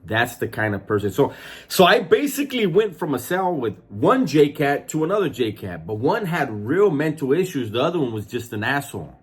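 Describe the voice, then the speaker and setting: A man's voice: fairly high pitch, sing-song, normal speed, husky. A man, a former prison inmate, casually telling a story with profanity and acted-out voices.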